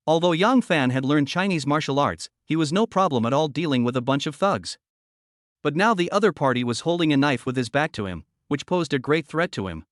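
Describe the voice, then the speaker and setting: Casting: male storyteller, fairly high voice that swings a lot, dry close recording. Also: animated, brisk, dry recording. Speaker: narrator. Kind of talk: scripted audio novel narration.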